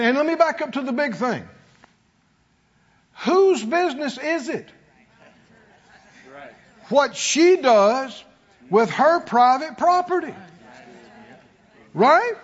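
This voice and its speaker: A man's voice: very high voice, muffled recording. A man preaching a sermon as pastor, emphatic, with call-and-response to his congregation.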